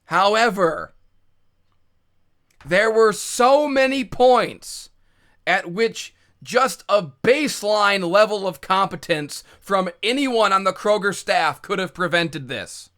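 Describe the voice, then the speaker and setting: A man vlogger telling a profane, exasperated story, often shouting, stumbling over restarts when flustered. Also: high voice, takes it slowly. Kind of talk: ranting storytime monologue.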